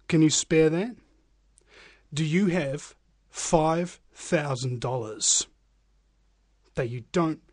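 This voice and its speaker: A man's voice: mid-range voice, darkish tone, dry recording. A man hosting a live talk radio show, speaking energetically and emphatically straight to his listeners. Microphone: studio microphone.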